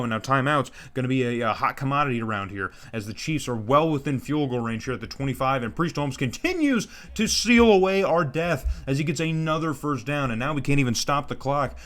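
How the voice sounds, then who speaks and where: Excitable casual play-by-play gamer guy. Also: mid-range voice. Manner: casual, excitable, says "man" a lot, trips over names. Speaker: gaming YouTuber commentating his own franchise game. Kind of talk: casual play-by-play game commentary.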